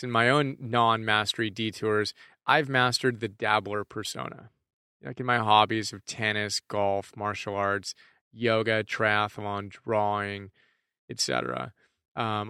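A man's voice: medium pitch, pushed and bright, smooth, no echo, clean studio sound. A man in earnest, reflective scripted narration of a lesson, often putting questions to the listener. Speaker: teacher presenting book ideas.

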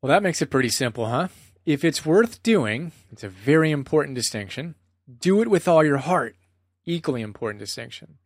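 Male speaker, earnest and animated conversational teaching talk, emphatic quoting, dry recording. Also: on the high side, fairly quick, no echo. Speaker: self-help speaker.

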